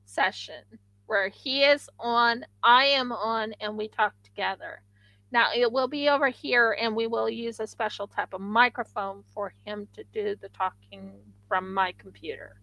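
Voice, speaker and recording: A woman's voice: fairly high pitch, fairly bright tone, dry recording, dull audio. A woman hosting a craft livestream, chatting casually and rambling with frequent restarts.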